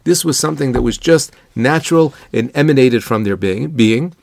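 A man delivers a Torah lesson in a slightly gravelly, mid-pitched voice. He speaks earnestly and thoughtfully, moving easily between English and Hebrew terms. The recording is dry and close, with no room sound. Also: expressive, moderate pace, dry recording. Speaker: rabbi giving a Torah lesson. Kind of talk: Torah lecture, explanatory.

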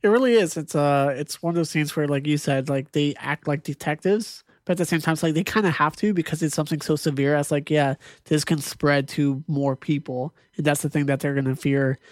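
A man's voice: a little high, a little fast, hardly any pauses, dry recording, studio quality. Chatty man co-hosting a film podcast. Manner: relaxed, chatty, uses "like" a lot. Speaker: podcast co-host. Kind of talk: casual movie chat.

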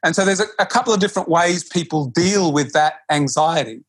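A man who teaches yoga, speaking in a relaxed conversation and often restarting his sentences or acting out quotes. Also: a little high, a little fast, slightly rough. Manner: animated, with frequent restarts and acted-out quotes. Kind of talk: casual conversation.

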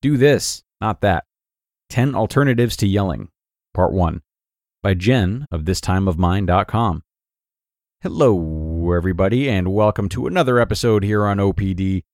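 A man hosting a podcast, reading a blog post aloud in an upbeat, expressive way. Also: on the low side, moderate pace, no room sound, studio quality. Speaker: podcast host and narrator.

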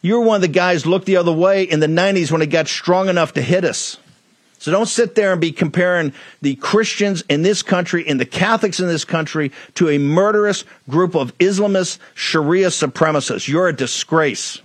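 A man's voice: high-pitched, moderate pace, dry recording. A man hosting a political talk show, delivering a blunt, fiery, emphatic monologue.

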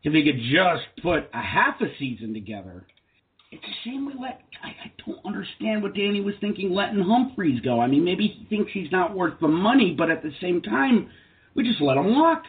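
A man's voice: sits high, very animated, normal speed. A man co-hosting a sports talk podcast, with a wry, joking manner. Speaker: podcast co-host. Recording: phone-like line.

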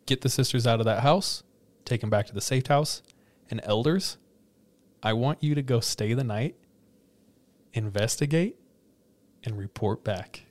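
Male podcast host, mid-pitched, animated storyteller who laughs a lot and acts out quotes; casual chat. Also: unhurried, long pauses.

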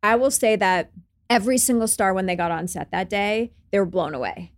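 A middle-aged woman sits in for a relaxed podcast chat at a middle pitch. She tells stories with energy and slips into little acted-out quotes of the people she describes. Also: brisk. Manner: animated storytelling, acts out quotes. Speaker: guest, TV show creator and host. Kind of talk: casual podcast interview.

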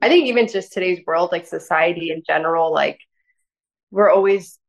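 A woman speaks as a guest on a podcast, her voice sitting a little low. Her talk is gentle and soft-spoken but rambling, packed with "like" and "you know" as she works through her thoughts. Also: moderate pace, gravelly, poor audio. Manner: rambling, filler-heavy with frequent "like". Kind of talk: casual interview conversation.

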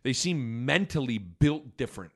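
A man hosting a loose, conversational sports podcast while sharing wine with a guest. He talks in a medium-pitched voice, wandering through his thoughts, circling back with restarts and quick apologies when he misspeaks. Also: animated. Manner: rambling, self-interrupting, quick to apologize and restart. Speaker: podcast host. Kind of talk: casual sports chat over wine.

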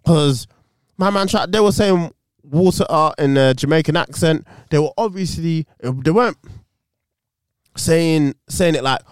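A man's voice: a little high, unhurried, clean tone, dry recording, studio quality. A man co-hosting a podcast in casual chat, blunt and opinionated, swearing freely. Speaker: podcast co-host.

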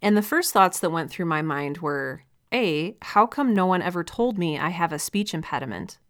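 A woman's voice: on the low side, animated, moderate pace. A young woman hosting a podcast, speaking candidly and reflectively in casual solo talk, with light laughs as she goes. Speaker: podcast host and audio drama creator.

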